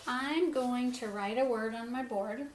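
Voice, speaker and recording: Slow, gentle woman teaching phonics. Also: on the high side. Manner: slow, sounds words out letter by letter; gentle, encouraging. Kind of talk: phonics lesson for young children. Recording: echoey room with faint ambience.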